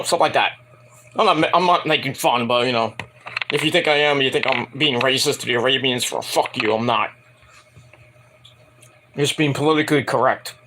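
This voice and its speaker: A man's voice: fairly high pitch, a little hiss or hum. A man casually reviewing a wrestling show in a vlog, rambling, profane and opinionated. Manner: animated, bursts into put-on voices.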